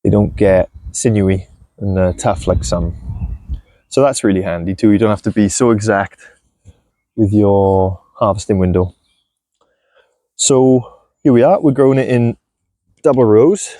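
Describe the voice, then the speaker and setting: A man chatting casually while he shows his farm and garden, relaxed and self-deprecating, with a clip-on mic. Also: on the low side, a little slow, long pauses, dry recording. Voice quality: gravelly. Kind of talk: casual walk-and-talk vlog. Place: outdoors on a farm and in a polytunnel. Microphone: clip-on mic on clothing.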